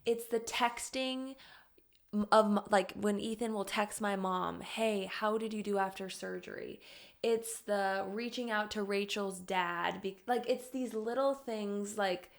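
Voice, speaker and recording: A woman's voice: medium pitch, fairly even intonation, measured pace, creaky. A young adult woman co-hosting a podcast, talking in a supportive, thoughtful casual chat. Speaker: podcast co-host.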